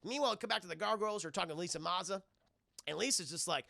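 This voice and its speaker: A man's voice: high-pitched, rapid-fire, gravelly, pushed and bright, dry recording, clean studio sound. A man recapping a cartoon episode on a livestream, swearing freely and talking to his chat throughout. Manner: profane, keeps addressing chat, retells scenes in voices. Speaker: cartoon reviewer streaming to chat.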